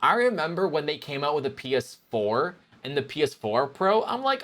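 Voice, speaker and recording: Animated male streamer chatting to his viewers. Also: on the high side, normal speed, hardly any pauses, slight background noise. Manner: rambling, animated, talks to chat as "boys". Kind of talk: casual live-stream chat.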